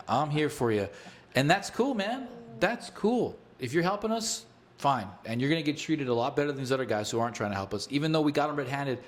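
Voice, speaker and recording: A man co-hosting a casual political talk show, blunt and outspoken, often stammering as he starts a point. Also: medium pitch. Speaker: co-host.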